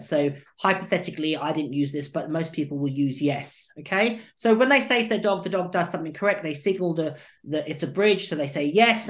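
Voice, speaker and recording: A man, a dog trainer and coach, explaining his training methods at length in an animated interview. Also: on the high side. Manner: animated, acts out what the dog thinks. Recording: roomy echo.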